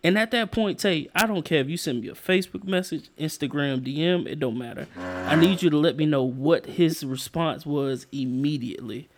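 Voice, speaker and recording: A man's voice: a little high, moderate pace. A man hosting a podcast in casual chat, playfully pressing his point with a preacher-like urging cadence. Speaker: podcast host.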